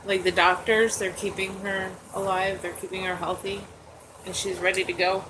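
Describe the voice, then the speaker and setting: A woman's voice: medium pitch, flat delivery, normal speed. Chatty forty-something woman, noisy recording. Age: 40s. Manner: candid, chatty, lots of "like" and "um". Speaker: host. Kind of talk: casual chat. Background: dogs nearby.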